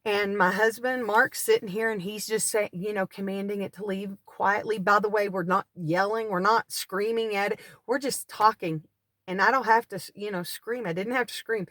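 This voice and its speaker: A woman telling a personal deliverance testimony in an earnest, animated storytelling way, speaking from a parked car. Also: medium pitch, normal speed, no echo, clean studio sound. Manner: earnest, animated storyteller who acts out cries. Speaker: deliverance minister.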